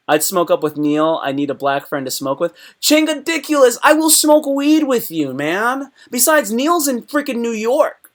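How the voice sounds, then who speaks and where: A young man hosting a casual live stream, rambling and excitable as he answers chat questions, swearing often. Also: fairly high pitch.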